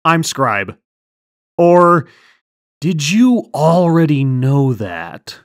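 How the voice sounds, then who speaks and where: Woman, host, mock mind-reader act, theatrical, deadpan, low voice, swooping pitch, unhurried, dry close sound. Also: dry recording.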